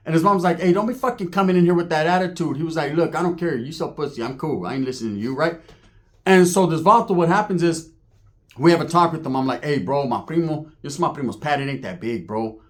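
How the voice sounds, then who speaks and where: Slangy, profane Californian man storyteller. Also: on the high side. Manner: profane, rambling, slang-heavy, acts out quoted voices. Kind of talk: casual street storytelling.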